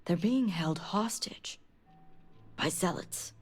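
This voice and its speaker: An actress playing a guarded female noble elder and spymaster in a video game, speaking in a measured, formal way with breathy edges. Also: fairly low pitch, expressive, in a whisper, faint music behind, heavily acted. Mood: stern. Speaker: game character.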